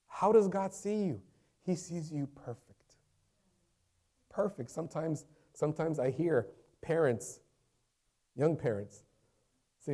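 A pastor with a warm, fairly high voice and lively intonation begins his sermon conversationally at a measured pace. He then rises into fervent, raised-voice preaching, repeating phrases for emphasis.

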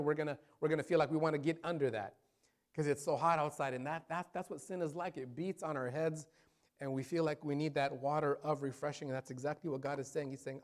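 A male pastor preaching a sermon, emphatic. He slows right down to stress scripture and repeated phrases, and his volume swings from quiet drops to strong build-ups. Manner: voice rises and falls widely in loudness, dropping low then building up.

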